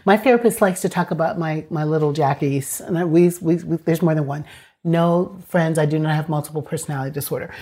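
A woman hosting a casual interview, warmly affirming and quick to agree with her guest. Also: deep voice. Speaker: podcast host.

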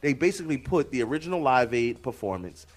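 A man's voice: medium pitch, fast, a crowd in the background. A man hosting a casual chat show, joking and cutting in on the others. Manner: animated, joking, interrupting. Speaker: host.

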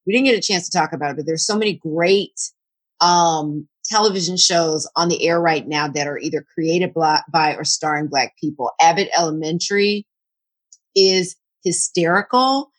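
A woman co-hosting a casual chat, talking in a relaxed, chatty way with enthusiastic recommendations. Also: fairly low pitch, normal speed. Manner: teasing, then enthusiastic recommending.

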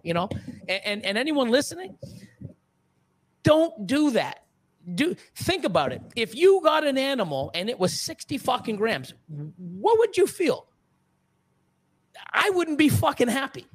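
A man's voice: very high-pitched, a bit bright. Angry, profane middle-aged man ranting. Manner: angry, profane, heated ranting with frequent restarts. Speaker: podcast guest, reptile breeder. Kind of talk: casual podcast rant.

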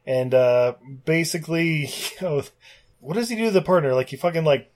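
A man's voice: on the high side, expressive, normal speed, a little mellow. A man casually recapping a film on a podcast, rambling and swearing, often laughing as he acts out scenes. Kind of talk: casual chat.

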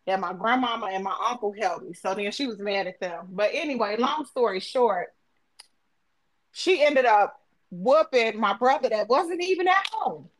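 Animated woman telling a story. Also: on the high side, normal speed. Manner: animated storyteller acting out quoted voices. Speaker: podcast host. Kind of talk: casual phone chat.

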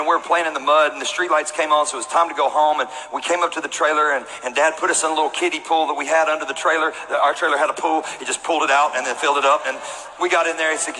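A man preaching a sermon in a church, telling a comic story with animated energy and shouting the punchlines. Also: a little high, big-room sound, slight background noise, poor audio. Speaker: pastor. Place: church auditorium with congregation.

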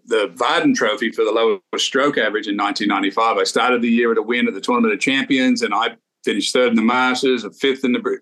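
A man's voice: mid-range voice, fairly bright tone. A man in his sixties with an Australian accent, a former tour pro co-hosting a podcast, telling stories in an easygoing way with many restarts. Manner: easygoing storyteller with frequent restarts. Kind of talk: casual podcast chat.

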